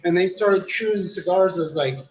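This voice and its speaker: A man's voice: high voice, a little fast. Tipsy male streamer, casual and profane, storytelling in a roomy, echoey space. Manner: rambling, profane, says "dude" a lot. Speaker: live streamer. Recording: roomy echo, faint background hum.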